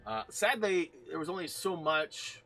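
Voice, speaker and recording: A man casually chatting while hosting a gaming live stream, greeting viewers from the chat in an animated way. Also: on the high side, a little slow, vocal fry, a little hiss or hum.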